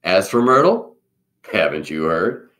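A man narrates a children's picture book at an unhurried pace. His pitch swings widely as he tells the story, keeping it vivid and animated for young listeners. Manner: slow, expressive storytelling. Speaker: storybook reader.

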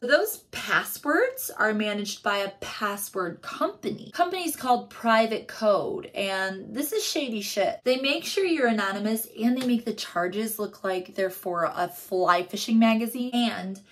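A woman's voice: mid-range voice, lively intonation, measured pace, few pauses. A woman narrating a comedic TV episode recap, sarcastic and profane, acting out quotes in passing. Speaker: recap vlogger.

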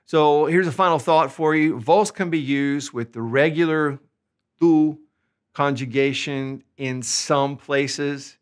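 A man from the United States giving an upbeat, conversational online language lesson, slowing down to stretch out example words. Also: a little high, clear, resonant tone. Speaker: language teacher.

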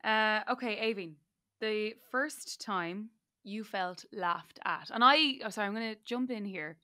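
A woman's voice: medium pitch, measured pace, sharp tone. An Irish woman in her twenties hosting a podcast, playful and giggly as she interviews her older sister. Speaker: podcast host. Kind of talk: casual interview chat.

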